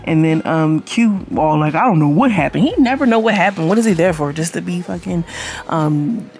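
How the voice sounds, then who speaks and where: A woman's voice: fairly low pitch, expressive, normal speed, a little mellow. A woman giving a blunt, chatty recap of a reality show indoors, talking straight to her viewers. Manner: chatty, blunt, slangy, addresses viewers directly. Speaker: YouTube reality-show reviewer. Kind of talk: casual commentary recap. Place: indoors at home.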